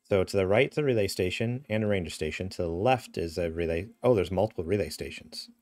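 A man's voice: low voice, fast talker, a little mellow, dry recording. A young man from upstate New York, chatting casually as he streams a game and reads signs aloud. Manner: chatty, narrates what he reads and does. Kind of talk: casual gameplay chat.

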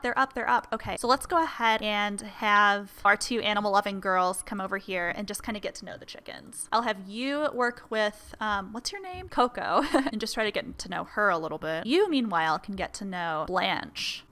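A young woman casually commenting on her life-sim game, chatty and giggly, breaking into high squeals over animals. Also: bright, forceful tone. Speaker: gaming video host. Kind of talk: casual let's-play commentary.

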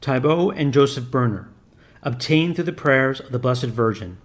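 A man narrating a religious story in a measured, solemn reading. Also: mid-range voice, animated. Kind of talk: scripted narration.

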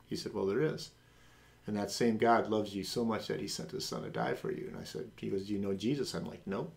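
A man's voice: brisk, creaky. A middle-aged man hosting a podcast, telling a personal faith testimony and acting out the voices of people in it. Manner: animated, acts out quoted voices with big pitch jumps. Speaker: podcast host.

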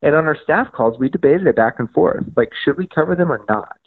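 A man telling his story as a podcast guest, animated, acting out conversations and using lots of "like" and "um". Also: a little high, fairly quick, creaky, breathy edge, phone-quality sound. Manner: frequent fillers like "like" and "um". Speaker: podcast guest, media outlet founder.

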